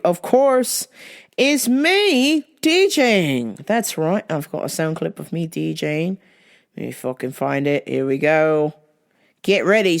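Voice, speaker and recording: A woman vlogger telling a comic personal story, animated and profane, acting out the people she quotes. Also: sits low.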